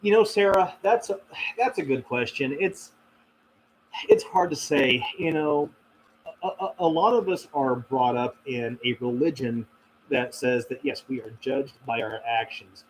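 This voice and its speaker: A man's voice: mid-range voice, measured pace, slight background noise, poor audio. Rambling, reflective man answering viewer questions. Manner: rambling, reflective, many fillers and restarts. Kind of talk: casual livestream Q&A.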